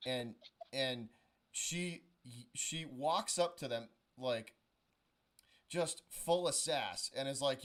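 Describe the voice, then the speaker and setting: A man's voice: medium pitch, slow pace, fairly bright tone. A young man hosting a charity stream, chatting casually, telling stories with lots of restarts and swearing. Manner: casual, profane, storytelling with many restarts. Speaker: stream host.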